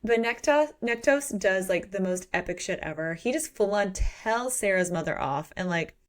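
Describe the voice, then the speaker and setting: Speaking at a moderate pace in a mid-range voice, this podcast co-host recaps a book's story in casual conversation. She's animated, performing the characters' quotes and throwing in swears as she goes.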